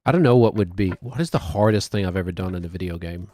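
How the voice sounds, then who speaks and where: A man's voice: low-pitched, fast talker, darkish tone, faint music behind. Rambling New Zealand man streaming games. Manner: rambling and self-deprecating, thinking aloud. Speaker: game streamer. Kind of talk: casual gaming commentary.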